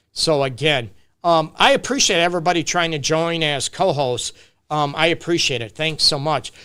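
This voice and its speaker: A man with a medium-pitched, bright, forceful and clean voice gives relationship advice on a casual live-stream Q&A. He speaks off the cuff, loosely, with restarts and fillers, often checking in with "right?" and "you get me?"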